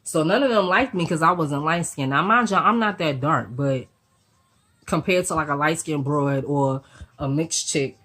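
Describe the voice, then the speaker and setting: A woman with a low, husky voice tells a storytime on her vlog. She talks in an animated, slangy way and swears freely. She slips into the voices of the people in her story as she goes. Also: moderate pace. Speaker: vlogger.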